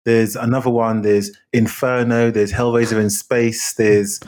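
A man's voice: medium pitch, flat delivery, unhurried, darkish tone. A man co-hosting a podcast in casual chat, easygoing and agreeable, often answering "yeah". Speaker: podcast co-host.

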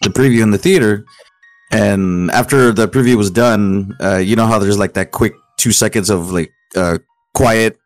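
A man on a podcast telling a story haltingly, breaking into laughter as he goes. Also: on the low side, dry recording, faint music behind. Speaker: podcast co-host. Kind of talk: casual storytelling.

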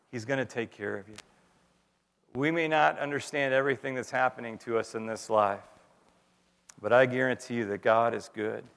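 A man's voice: fairly low pitch, vocal fry, fairly bright tone, in a large hall. A man in his fifties, a pastor, preaching a sermon and closing in prayer, telling his story earnestly and repeating words as he goes. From United States.

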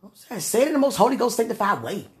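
A vlogger speaking an emotional, pleading prayer to the camera, swinging between quiet murmurs and excited bursts. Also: mid-range voice, fast talker, husky. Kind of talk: casual spoken prayer to camera.

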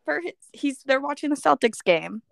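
A woman's voice: high voice, animated, normal speed, gravelly, no echo, studio quality. A woman co-hosting a casual podcast chat, easygoing and self-deprecating, with frequent giggles. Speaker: podcast co-host.

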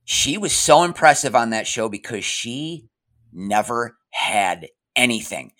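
A man hosting a podcast and chatting casually with a guest, relaxed and full of stories. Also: medium pitch, measured pace. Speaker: podcast host and actor. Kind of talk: casual interview chat.

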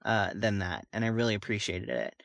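A man's voice: on the low side, expressive, fairly quick, gravelly, fairly bright tone, dry recording. A man co-hosting a podcast, chatting about movies in a rambling, enthusiastic way with lots of fillers. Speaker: podcast co-host. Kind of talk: casual film discussion.

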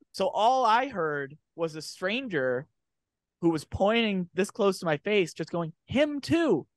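A man's voice: high voice, animated, unhurried, no room sound. Man co-hosting a podcast, dry studio sound. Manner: self-deprecating storytelling. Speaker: podcast co-host. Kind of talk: casual chat.

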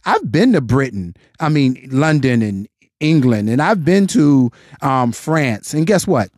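A man's voice: medium pitch, big pitch swings, a little slow, a little mellow, dry recording, studio quality. An American man in his forties giving his opinion in casual commentary, passionate and full of rhetorical questions. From United States. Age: 40s.

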